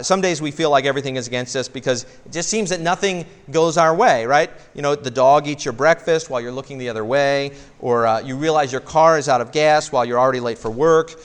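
A man preaching as a pastor, earnest, slowing down on key phrases and often repeating a word as he starts a thought. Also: medium pitch, smooth, in a large hall. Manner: slows down on key phrases for emphasis. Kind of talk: sermon.

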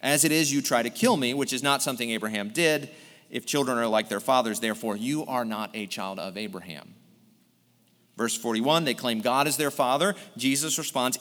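A man's voice: medium pitch, normal speed, fairly bright tone. Man preaching in a reverberant hall. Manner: earnest, explanatory preaching with verse-by-verse reading. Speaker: pastor. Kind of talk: sermon.

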